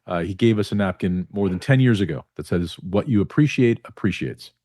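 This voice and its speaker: Male podcast host, low mellow voice, dry close studio sound, reflective outro delivery. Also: animated, a little fast, no room sound. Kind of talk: conversational interview, then scripted reflective outro.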